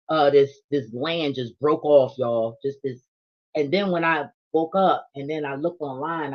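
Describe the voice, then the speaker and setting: A woman's voice: sits low, lo-fi sound. A woman vlogger, telling a casual monologue full of slang and swearing. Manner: animated, profane storytelling with slang.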